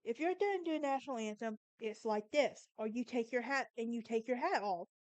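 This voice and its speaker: Sassy Southern-accented woman, high and smooth. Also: a little fast, no echo. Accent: Southern American. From Southern United States. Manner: sassy, emphatic, talks straight to the listener. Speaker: podcast host. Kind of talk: casual monologue.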